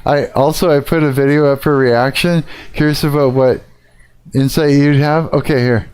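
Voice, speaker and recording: A man's voice: a little high, steady tone, moderate pace, darkish tone, clear, resonant tone. A man live-streaming, reacting casually to a video, laughing often and swearing as he thinks aloud.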